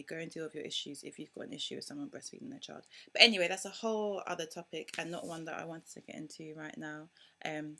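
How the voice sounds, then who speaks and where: A young woman, a mother vlogging to camera in casual, outspoken and animated talk. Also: lowish voice, gravelly. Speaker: parenting vlogger.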